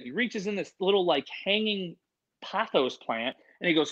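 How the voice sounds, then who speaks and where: A man, an animal expert, telling animated, slangy stories in a casual interview, full of "dude" and "like". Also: sits high, normal speed, highs cut off. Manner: animated, excitable, slangy, says "dude" and "like" a lot. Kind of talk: casual storytelling in a podcast interview.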